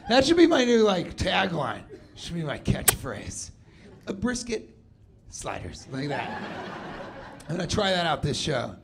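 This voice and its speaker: A man's voice: on the high side, sing-song, unhurried, gravelly, background noise. A man doing stand-up crowd work, teasing and laughing as he talks. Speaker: stand-up comedian.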